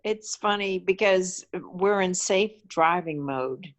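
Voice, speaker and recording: A calm woman dials into a group call on her phone. Her voice sits a little low, and she pauses as she looks for the right words. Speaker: meditation group member.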